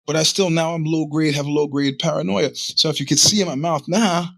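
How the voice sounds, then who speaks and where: A man's voice: a little high, fairly even intonation, fairly quick, creaky, hardly any pauses, a bit bright, dry recording. A middle-aged man hosting a podcast, telling a rambling, profane story in a casual monologue with many restarts. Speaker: podcast host.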